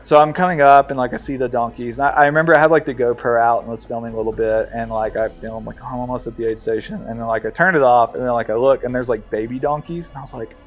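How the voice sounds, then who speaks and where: A man, an ultramarathon runner, telling his race story in a documentary interview, halting and conversational with many fillers. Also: medium pitch, steady tone, faint music behind.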